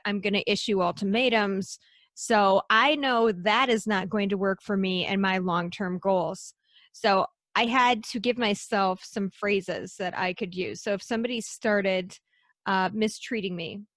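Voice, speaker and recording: A woman's voice: medium pitch, a bit bright, no room sound, studio quality. A woman speaking as a guest in an interview, emphatic and repeating her key phrases for force. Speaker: podcast guest. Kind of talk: conversational interview.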